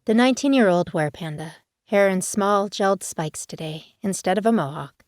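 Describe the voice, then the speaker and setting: A woman narrating an audiobook in a steady, even scripted reading. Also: on the low side, no echo. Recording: dry close studio sound.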